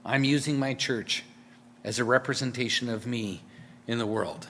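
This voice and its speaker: A man's voice: medium pitch, steady tone, normal speed, pushed and bright, big-room sound. A male pastor preaching a sermon in a casual, conversational way, with fillers and repeated words.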